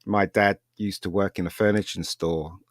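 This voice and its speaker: On a relaxed podcast, a guest who works as a filmmaker rambles through a personal anecdote with lots of animation and frequent laughter. His deep, low voice holds a steady tone at normal speed, recorded dry and close without any room echo.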